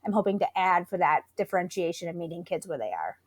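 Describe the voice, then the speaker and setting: A woman school librarian talking through a classroom lesson in a relaxed interview, thoughtful and enthusiastic. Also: on the low side, fast. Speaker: school librarian, podcast guest. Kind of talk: conversational interview.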